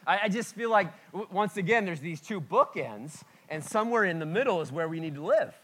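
A man preaching a conversational sermon as a pastor, candid and self-deprecating, with sudden swings between loud and quiet. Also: sits high, fairly quick, hardly any pauses, a little hiss or hum. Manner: lively, sudden swings in loudness.

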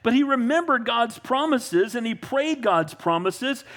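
A man preaching a sermon as pastor, swinging from calm asides to fervent, raised passages and calling out to the congregation. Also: very high voice, a little slow. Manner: builds to fervent, raised preaching, with audience call-outs.

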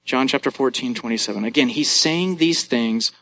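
A man's voice: medium pitch, moderate pace, bright, forceful tone. A pastor in his thirties preaching a sermon, conversational and telling family stories.

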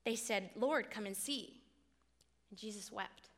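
A woman's voice: medium pitch, a little slow, fairly bright tone, in a large hall. A woman in her twenties giving a sermon, telling a personal story in an earnest, confessional way. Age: 20s. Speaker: speaker at a faith talk.

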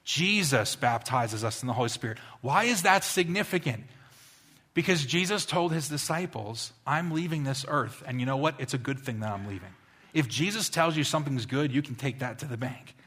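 A man's voice: medium pitch, lively intonation, normal speed, a bit bright, husky. A male pastor preaching a sermon, asking the congregation rhetorical questions and swelling into impassioned emphasis.

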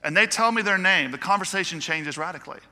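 A man's voice: sits high, quick pace, bright, forceful tone, long reverb tail. A man preaching a chatty sermon, mixing teaching with joking asides to the congregation. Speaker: pastor. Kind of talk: conversational sermon.

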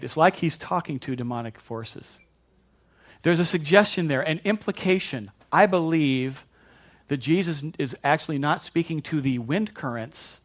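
A man's voice: on the high side, normal speed. A man preaching a sermon in a conversational, joking way, often repeating and restarting his words. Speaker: pastor.

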